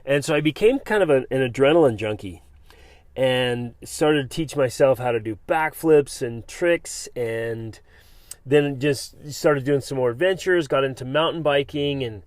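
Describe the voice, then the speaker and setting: A man's voice: medium pitch, measured pace, dry recording. An enthusiastic man in his forties, hosting a motivational talk and telling an adventure story with many restarts. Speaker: podcast host.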